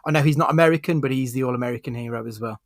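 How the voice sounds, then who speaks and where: Relaxed man reviewing films. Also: medium pitch, racing, dry recording, clean studio sound. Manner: relaxed, leads the rating categories. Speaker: podcast co-host. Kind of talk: casual film review chat.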